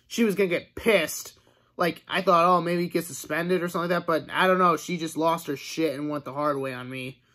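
A man's voice: a little high, a bit bright. Young adult male vlogger, rambling storyteller, loose filler-heavy delivery. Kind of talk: casual storytelling monologue.

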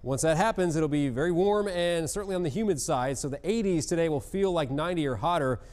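A man presenting a morning TV weather forecast, chatty and quick to laugh, then chatting about football picks. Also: on the high side, a little mellow. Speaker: TV meteorologist. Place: TV news studio.

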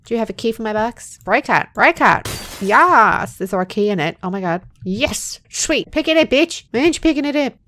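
A woman's voice: fairly high pitch, lively intonation, fairly quick, hardly any pauses, a bit bright. A woman giving foul-mouthed, joking commentary while playing a horror game. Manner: profane, jumpy and joking. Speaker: let's play gamer.

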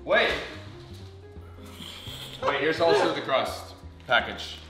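A man's voice: a little high, lively intonation, slow, over music. A young man cooking with friends, playful and a bit bossy, narrating like a show host. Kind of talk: casual chat while cooking. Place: home kitchen.

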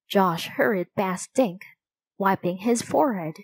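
Slow, measured woman reading a storybook. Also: medium pitch, darkish tone, no echo, rough recording. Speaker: storybook reader. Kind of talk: reading a children's chapter book aloud.

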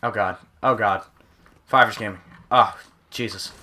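A young man commenting over his own gameplay, excitable and often yelping and exclaiming. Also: fairly low pitch, normal speed. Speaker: gaming channel host.

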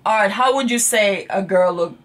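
A woman's voice: mid-range voice, moderate pace, slight background noise. A woman, the vlogger's mother, teasing and correcting her son in casual banter at home. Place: home, indoors.

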